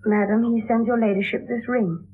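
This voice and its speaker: Lovelorn young noblewoman posing as a page, earnest, wistful, measured verse, somewhat high voice, tinny 1960s radio sound. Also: fairly even intonation, slightly rough.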